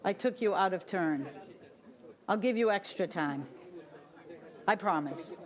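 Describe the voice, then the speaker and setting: A woman's voice: medium pitch, animated, unhurried. A woman moderating a conference in a hall. She talks in a chatty, self-deprecating and apologetic way. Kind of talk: casual event moderation.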